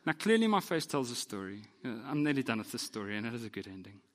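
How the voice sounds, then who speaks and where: A man, a pastor telling a story in a sermon in an animated, self-deprecating way. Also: mid-range voice, fast talker, in a large hall.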